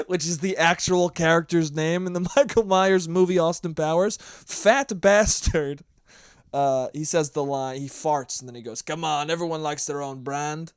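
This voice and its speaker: A man's voice: mid-range voice, no room sound, clean studio sound. A man hosting a solo podcast, rambling and profane in a casual, self-mocking monologue. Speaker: podcast host.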